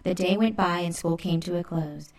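A woman narrating a children's storybook in a lively, expressive way. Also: on the low side, normal speed.

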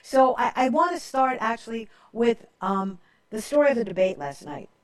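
A woman's voice: fairly high pitch, moderate pace, distant mic. An older woman hosting a political talk show, telling stories emphatically and often checking in with "okay?". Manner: emphatic storyteller, keeps adding "okay?". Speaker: radio talk show host.

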